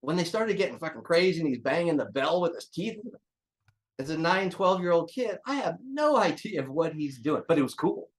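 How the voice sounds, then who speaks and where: Blunt joking older man, slightly high voice. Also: very animated, moderate pace. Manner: blunt, joking, swears freely. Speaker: drummer guest. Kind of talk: casual interview chat.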